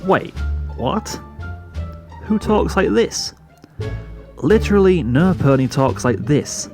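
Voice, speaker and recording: A man's voice: a little high, big pitch swings, slow pace, darkish tone, soft background music, pitched above the performer's own voice, heavily acted. A man reading a fan story, voicing a young unicorn filly who is dry and put-upon. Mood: sarcastic. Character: sarcastic young unicorn filly, shopkeeper sister.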